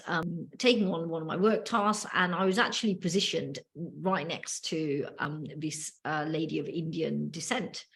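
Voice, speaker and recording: A woman with a British accent talks through a personal story on a casual podcast, pausing often with ums and starting her sentences over. Her voice sits a little low for a woman. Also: fairly bright tone. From United Kingdom. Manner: storytelling with frequent ums and restarts. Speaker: podcast co-host.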